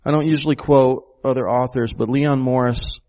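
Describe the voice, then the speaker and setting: A man's voice: medium pitch, steady tone, normal speed, a little mellow, highs cut off. A man preaching a sermon, emphatic and full of rhetorical questions to the congregation. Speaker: pastor.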